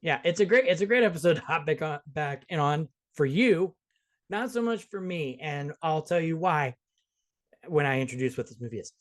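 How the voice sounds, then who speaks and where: A man's voice: fairly high pitch, expressive. Chatty male podcast host. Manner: jokey, quick, restarts often. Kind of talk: casual movie review chat.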